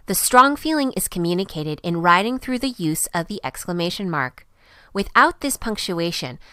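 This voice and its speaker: Woman narrating a lively, dry grammar lesson. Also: on the low side, no echo. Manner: clear, even teaching delivery. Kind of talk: scripted narration.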